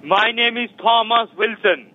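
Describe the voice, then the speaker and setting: A man's voice: very high voice, unhurried. A man with an Indian accent making an insistent scam sales call in broken English, over the phone. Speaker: scam caller. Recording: tinny phone line.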